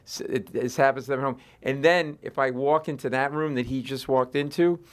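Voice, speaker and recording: A comedian is spinning a long, animated anecdote in a relaxed interview. He speaks at an ordinary pitch for a man, jumps into little acted-out voices, and keeps the telling loose and conversational. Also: fairly quick. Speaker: comedian guest. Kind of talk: storytelling interview chat.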